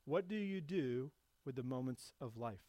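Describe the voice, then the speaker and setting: A male pastor preaching a sermon, rising to loud emphatic passages and dropping back to soft, low reflection. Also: expressive, normal speed, no echo.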